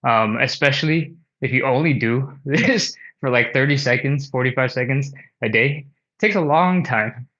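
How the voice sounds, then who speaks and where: A man's voice: medium pitch, bright, forceful tone, muffled recording. Breathless, chatty man coaching stretches. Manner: rambling, chatty, counts reps aloud. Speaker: stretching instructor. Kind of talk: live-streamed workout instruction.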